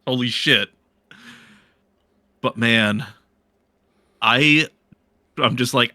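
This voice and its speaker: A man's voice: mid-range voice, slow, pauses often, sharp tone, no room sound, clean studio sound. A man co-hosting a podcast in casual chat, laid-back and profane. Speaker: podcast co-host.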